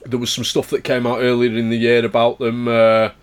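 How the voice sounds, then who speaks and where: A man on a casual podcast, explaining things in a measured way with some restarts. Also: mid-range voice, completely flat delivery, smooth.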